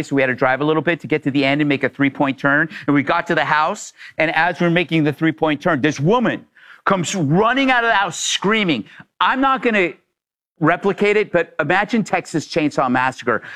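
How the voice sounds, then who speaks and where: A man hosting a casual talk show, reading fan mail and telling stories in an animated way. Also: fairly high pitch, brisk. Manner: animated, vivid storyteller. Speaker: host. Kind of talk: casual chat, storytelling.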